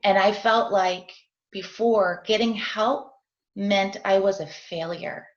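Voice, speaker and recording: Slow and fairly even in intonation, her mid-range voice carries a heartfelt interview account of her life as a parent. The middle-aged guest is confessional and keeps asking "right?", heard over a dull, echoey video call.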